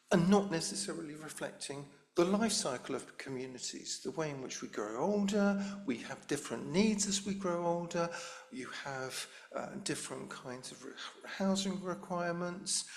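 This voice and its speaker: A middle-aged woman giving a public lecture as a professor, in a conversational way that puts questions to the audience. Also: low voice. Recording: echoey lecture room.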